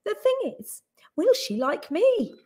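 A woman's voice: very high-pitched, big pitch swings, slow pace, a little mellow, voice pushed up, heavily acted. A woman voicing a small, polite, earnest young male bear in a storybook reading. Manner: earnest, stammering when nervous.

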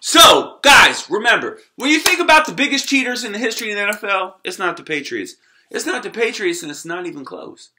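A man with a high, very bright voice rants about sports to his camera. He swears constantly and uses street slang, and he lurches between yelling and mumbling under his breath. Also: animated, quick pace, a little hiss or hum. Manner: swings between shouting and low muttering. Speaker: sports vlogger. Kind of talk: profane sports rant to camera.

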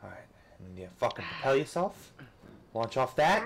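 A man commentating a rage-inducing game, swearing constantly and switching between frustrated outbursts and coaching himself to calm down. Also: mid-range voice, a little slow, slightly rough. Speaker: gamer. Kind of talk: let's play commentary.

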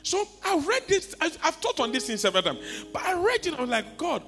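Animated preacher with a lively high voice. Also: male voice, brisk. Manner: animated preaching, swings from soft to shouting. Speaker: pastor. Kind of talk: sermon. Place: church hall. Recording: long hall reverb with faint music.

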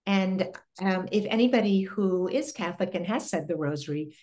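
A middle-aged woman speaking as an interview guest, telling a personal story in an earnest, reflective way with pauses and restarts. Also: mid-range voice, expressive, darkish tone.

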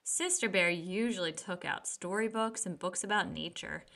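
A woman reading a children's picture book aloud with gentle, expressive storytelling. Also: fairly low pitch, moderate pace, vocal fry.

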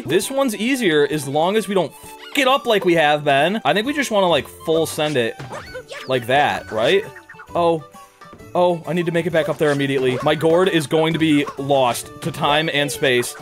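A young man streaming a game, talking to chat in a high, lively voice. He is crude and jokey, and he keeps breaking into yelps and shouts. Faint game music plays underneath. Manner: loud, excitable, frequent yelps and shouts. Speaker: gaming YouTuber. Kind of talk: energetic gameplay commentary.

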